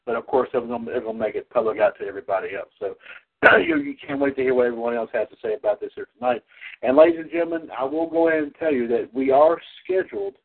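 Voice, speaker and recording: A man hosting a wrestling call-in podcast, rambling with many restarts and repeated "ladies and gentlemen". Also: medium pitch, big pitch swings, quick pace, gravelly. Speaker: podcast host. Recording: tinny phone-line audio.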